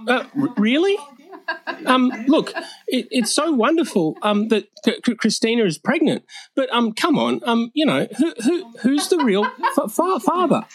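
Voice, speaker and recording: A man's voice: extremely high pitch, big pitch swings, moderate pace, slightly rough, dry recording, pitched above the performer's own voice, full character voice. A man voicing a timid young man who stutters heavily through roast jokes, full of ums and broken restarts. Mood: nervous stammering.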